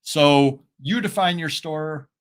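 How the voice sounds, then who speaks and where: A man co-hosting a live reselling chat, rambling and halting with many fillers, his speech a little slurred. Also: on the high side, clean tone. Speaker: co-host of a reselling show. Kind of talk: casual live-stream chat.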